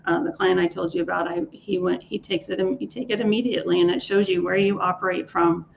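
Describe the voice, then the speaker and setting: Low gravelly woman telling coaching stories. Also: flat delivery, fast talker. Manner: enthusiastic, repeats and restarts words. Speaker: leadership coach. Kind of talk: speaker interview storytelling. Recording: dull lo-fi sound with faint noise.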